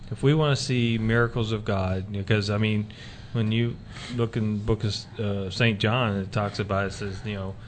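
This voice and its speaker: A man's voice: on the low side, steady tone, moderate pace, hardly any pauses, slight background noise. A man hosting a casual faith talk radio show, rambling with many fillers and restarts.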